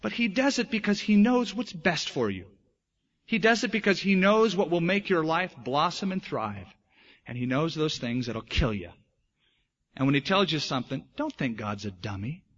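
Animated male preacher, husky lo-fi sound. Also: fairly high pitch, moderate pace, long pauses. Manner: animated preaching, acting out voices in stories. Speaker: pastor. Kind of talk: sermon. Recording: dull lo-fi sermon recording.

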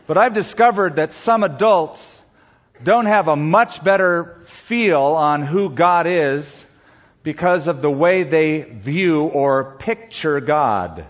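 A man preaching a sermon as pastor, telling stories in an unhurried way with pauses. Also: on the high side, lively intonation. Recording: dull lo-fi recording.

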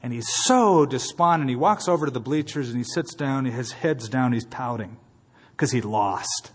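Husky preaching man in a reverberant hall. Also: mid-range voice, expressive, normal speed. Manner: emphatic preaching, swings from quiet to loud. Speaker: pastor. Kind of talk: sermon with closing prayer.

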